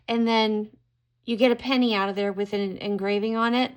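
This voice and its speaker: A woman's voice: medium pitch, fairly even intonation, normal speed. A middle-aged woman giving a casual tarot card reading to camera, musing aloud and exclaiming at what she draws.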